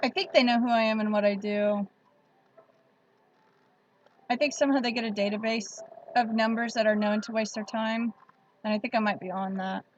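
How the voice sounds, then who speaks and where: A woman's voice: on the high side, steady tone, moderate pace, long pauses, dull audio, a little hiss or hum. A woman hosting a casual livestream, chatting with viewers and laughing often. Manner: chatty, laughs often, reads out chat comments. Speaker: livestream host.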